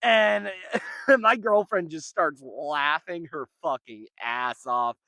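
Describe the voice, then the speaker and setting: A man's voice: fairly high pitch, slow pace, pushed and bright, no echo. A young man telling a rambling, profane story in a casual vlog. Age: young adult. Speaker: vlogger.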